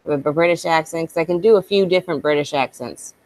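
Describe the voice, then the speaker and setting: A woman's voice: low voice, quick pace, a little mellow. A woman chatting casually, swearing freely and laughing often. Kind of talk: casual chat.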